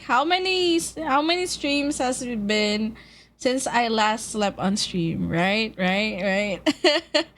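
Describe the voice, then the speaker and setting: Woman, streamer, casual chat, slightly high voice, slow pace, giggly, swears casually. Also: fairly bright tone. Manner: giggly, laughs often mid-sentence; chatty and loose, swears casually.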